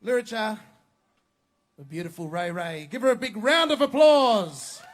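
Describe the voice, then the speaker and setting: Very high-voiced MC man. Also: lively intonation, measured pace. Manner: loud, teasing, call-and-response. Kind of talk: hyping a live crowd. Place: outdoor festival stage.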